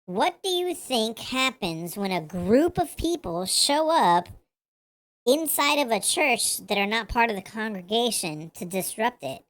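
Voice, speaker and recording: A woman's voice: fairly high pitch, big pitch swings, unhurried, fairly bright tone. A woman hosting a reaction commentary, talking bluntly and profanely, with lots of fillers. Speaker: commentary host.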